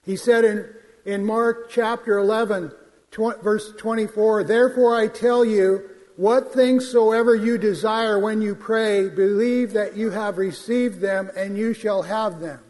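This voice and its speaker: A man with a strikingly high voice preaches a sermon at an unhurried pace, stressing key words as he quotes scripture. His voice rings out with a long reverb from the church sanctuary. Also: fairly even intonation, darkish tone. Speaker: pastor.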